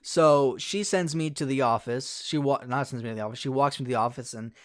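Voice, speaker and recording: A man's voice: mid-range voice, fairly quick. A young man casually telling a story from his school days for a vlog, rambling, swearing often and correcting himself mid-sentence. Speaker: YouTuber.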